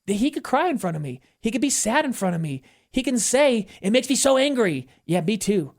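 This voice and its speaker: A middle-aged man, a guest on an interview show, talking candidly and with feeling, with emphatic swings in pitch. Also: brisk. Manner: animated storyteller who acts out quoted voices. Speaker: podcast guest. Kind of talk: conversational interview.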